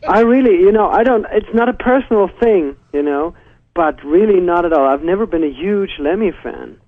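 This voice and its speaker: A German-accented man speaks over a thin, tinny phone line. His voice sits high and moves a lot in pitch. He chats loosely, laughs often and pokes fun at himself. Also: expressive, moderate pace, no echo. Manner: laughing, self-mocking, chatty. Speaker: musician guest. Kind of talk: phone interview.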